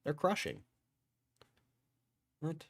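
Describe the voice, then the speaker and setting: A man's voice: fairly high pitch, very animated, extremely slow, vocal fry, breathy edge, no echo. A man livestreaming stock market commentary, thinking aloud in a casual way and swearing freely as he mock-rants. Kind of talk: casual live-stream commentary.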